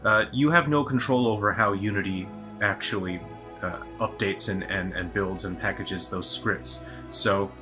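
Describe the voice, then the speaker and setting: A man's voice: fairly low pitch, unhurried, over music. A man giving a rambling, casual video update as a solo game developer, sounding tired, with many fillers and restarts.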